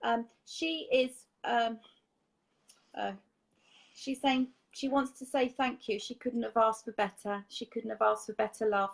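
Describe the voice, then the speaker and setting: A woman's voice: on the high side, fairly even intonation, unhurried, gravelly, low-quality recording. A woman giving a psychic reading, speaking affectionately and passing on messages from spirits. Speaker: psychic medium.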